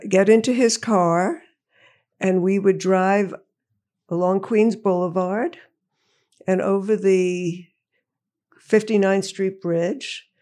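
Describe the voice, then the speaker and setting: Older woman author from Long Island, slow and wry, in a reflective mood. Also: medium pitch, darkish tone. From Long Island, New York. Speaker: author giving a reading. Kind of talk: relaxed talk before a reading. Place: bookstore reading event.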